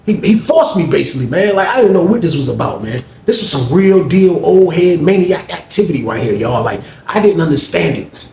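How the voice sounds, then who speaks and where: Casual male storyteller from Norfolk, Virginia, slangy and animated, slightly high voice, echoey room. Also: fairly quick, creaky. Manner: slangy, animated, says "man" constantly. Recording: echoey room, faint noise.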